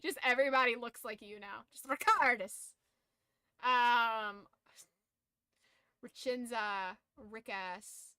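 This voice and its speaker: A woman's voice: a little high, steady tone, slow pace, pushed and bright, clean tone, no room sound, clean studio sound. A young woman streaming casually, who swears freely, laughs a lot and shrieks in disbelief. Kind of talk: casual live-stream chat.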